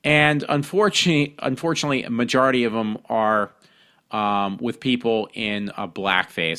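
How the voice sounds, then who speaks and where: A man from hosting a casual talk show, reading news stories aloud and commenting on them with many ums, pauses and restarts. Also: on the low side, fairly bright tone. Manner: reads articles aloud with frequent ums and restarts. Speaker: podcast host.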